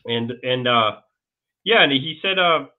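A man being interviewed as a guest, telling a long story in a rambling, halting way with many restarts. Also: mid-range voice, lively intonation. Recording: tinny phone-like line.

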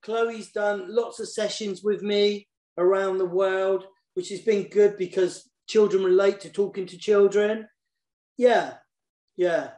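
A man's voice: high voice, fairly even intonation, measured pace, echoey room. A man, a children's poet and author, talking casually and eagerly in an online session, often repeating words as he goes. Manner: warm and enthusiastic, repeats words while searching for them.

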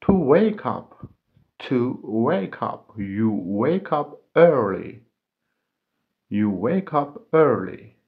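Slow man drilling vocabulary. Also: medium pitch, big pitch swings, narrow, tinny audio. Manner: repeats each word and example sentence. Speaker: English teacher.

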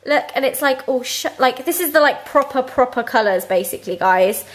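A woman's voice: sits high, lively intonation, brisk. A young woman vlogging in a giggly, chatty way. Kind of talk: casual vlog chat. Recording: noisy handheld vlog audio.

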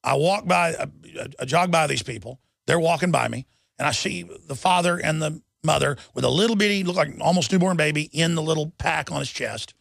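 Man, talk radio host, gravelly voice, slightly high pitch, urgent rambling monologue. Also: brisk, a bit bright, dry recording, studio quality. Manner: urgent, rambling storytelling with many restarts.

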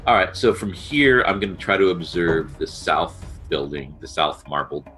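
A man plays his character in a tabletop game, asking the game master careful, hesitant questions. His voice sits very low yet sounds bright and crisp, with faint music behind. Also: lively intonation, normal speed. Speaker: player. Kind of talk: casual tabletop play.

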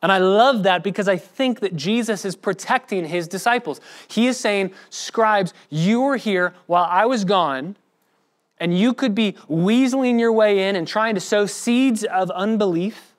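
A man's voice: high-pitched, a little slow. Male pastor with a slightly raised voice, preaching with feeling and voicing the quotes. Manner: expressive preaching, acts out quoted speech. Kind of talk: sermon.

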